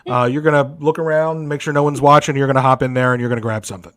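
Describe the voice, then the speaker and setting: A man's voice: mid-range voice, steady tone, rapid-fire, a bit bright. A man hosting a casual comedy podcast, crude and joking in a mock-serious way. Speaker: podcast host.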